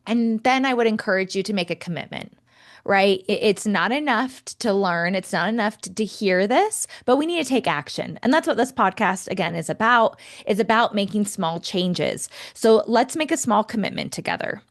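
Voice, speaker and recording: A young woman co-hosts a life-coaching podcast in a casual chat. Her voice sits at an ordinary middle pitch, and she talks with lively encouragement, laughing easily and urging listeners to act. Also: normal speed. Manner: encouraging, animated, coaching listeners toward small commitments. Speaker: podcast co-host.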